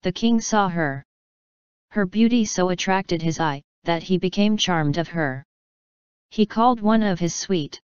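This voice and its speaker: A woman reading an old folk tale aloud in a measured, steady storytelling style. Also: on the low side, clear, resonant tone, no echo, lo-fi sound. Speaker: narrator. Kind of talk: scripted storybook narration.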